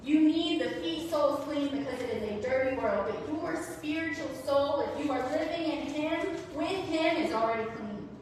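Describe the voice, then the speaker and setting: A woman's voice: sits high, lively intonation, normal speed, hardly any pauses, a little hiss or hum. A woman preaching a sermon in a church, chatty and conversational, acting out the quoted lines of the people she talks about. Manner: conversational, acts out quoted dialogue. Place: church sanctuary. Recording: echoey hall, voice from far off.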